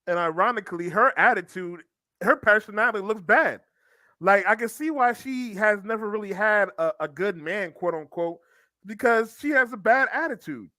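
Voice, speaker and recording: High bright-voiced man co-host. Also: normal speed, no room sound. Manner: lecturing, stammering restarts. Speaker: podcast co-host. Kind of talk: casual commentary chat.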